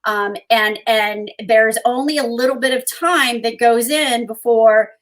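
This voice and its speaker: A woman's voice: fairly high pitch, measured pace. A woman co-host telling a personal story in conversation, earnest, with frequent ums. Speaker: co-host and guest.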